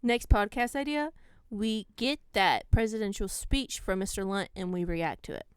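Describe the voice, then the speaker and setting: A woman's voice: mid-range voice, moderate pace, clear, resonant tone, dry recording, clean studio sound. A woman co-hosting a podcast in casual chat, joking and laughing at her own stories. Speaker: podcast co-host.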